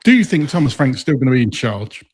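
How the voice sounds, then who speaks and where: A man's voice: medium pitch, big pitch swings, fast, a little mellow, slight background noise. A man hosting a casual football podcast, recapping the match with frequent ums and stumbles. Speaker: podcast host.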